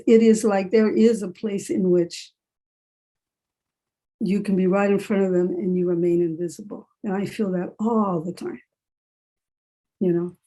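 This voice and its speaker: A woman writer and professor speaking in a relaxed, conversational way during a panel discussion. Her voice sits mid-range with a warm, mellow color. She repeats phrases to drive a point home, heard over a video call. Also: medium pitch.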